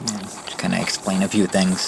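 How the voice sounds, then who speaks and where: Man, vlogger, scooter driver, casual rambling storytelling, gravelly fry, loud background noise. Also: low-pitched, little pitch movement, moderate pace. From Southern Ontario, Canada. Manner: chatty, rambling, with frequent restarts.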